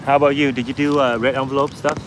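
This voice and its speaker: A man's voice: mid-range voice, level tone, quick pace, background noise. A man vlogging casually as he walks outdoors, chatting with his viewers and laughing easily. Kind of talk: casual walking vlog. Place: outdoors on a busy city street.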